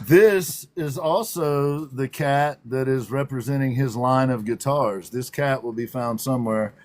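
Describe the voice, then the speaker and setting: A man's voice: mid-range voice, a little slow. A man with a Southern drawl hosting a livestream talk show, playful and teasing and laughing often. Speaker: host.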